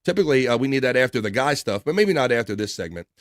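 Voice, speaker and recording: A man hosting a loose, casual livestream, reading out chat messages and riffing on them with plenty of ums and uhs. His voice sits at an ordinary mid pitch. The sound is dry and close, with no room echo. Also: expressive, rapid-fire. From East Coast of the US. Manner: rambling, reads chat messages aloud with filler words. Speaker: live stream host reading chat.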